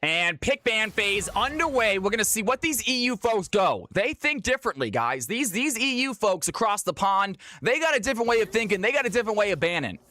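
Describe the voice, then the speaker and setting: Streamer guy from georgia hosting custom games, pumped-up play-by-play, high and bright. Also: very animated, a little fast, few pauses, dry recording. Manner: hyped announcer delivery. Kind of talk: live game commentary.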